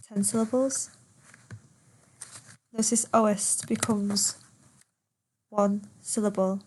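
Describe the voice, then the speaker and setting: A woman teaching a poetry lesson at an unhurried, deliberate pace. Her pitch sits in the middle, and she says words over and over, patient and clear, as she counts syllables. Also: little pitch movement, mellow. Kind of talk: poetry lesson, reading verse aloud.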